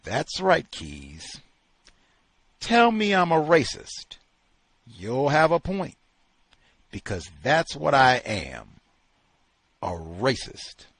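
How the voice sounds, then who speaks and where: A man reading as a ranting gruff kennel owner. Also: medium pitch, huge pitch swings, drawn-out words, pauses often, dry recording, full character voice. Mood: defiant. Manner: shouting, ranting. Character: furious gruff male kennel owner, misanthropic.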